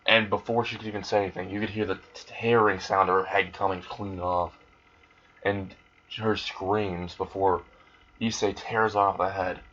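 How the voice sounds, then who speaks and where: A low-voiced man rambles through an improvised fan story, crude and deadpan, with plenty of restarts. The recording is dull and lo-fi, like a cheap home microphone. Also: normal speed.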